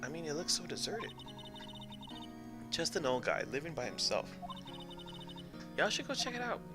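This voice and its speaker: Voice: mid-range voice, big pitch swings, moderate pace, pitched above the performer's own voice, natural voice. A streamer voicing a chatty young woman photographer with an American Southern accent and a folksy drawl, over game music.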